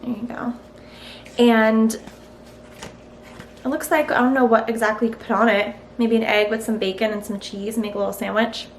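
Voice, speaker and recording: Woman, fairly high voice, casual cooking vlog, frank and chatty, home kitchen, roomy echo. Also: fairly even intonation, moderate pace, slight background noise. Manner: chatty, frank, thinking aloud. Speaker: cooking vlogger. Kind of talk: casual recipe-testing vlog.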